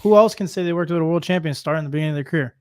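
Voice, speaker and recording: Fast-talking confident young man. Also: on the high side, clear, resonant tone, no room sound, studio quality. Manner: confident, emphatic. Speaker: guest, young boxer. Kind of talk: casual interview.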